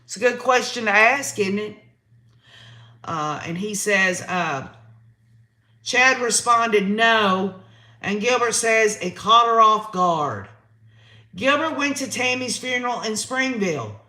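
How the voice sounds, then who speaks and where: A man's voice: high voice, expressive, slow, pushed and bright, reverberant. A man hosting a live-stream trial recap, reading chat comments aloud and reacting with emotion. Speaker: host.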